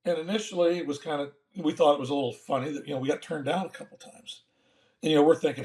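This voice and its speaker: An older man, a former baseball manager, telling a folksy, animated story in an interview and acting out the dialogue. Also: a little high, fast talker.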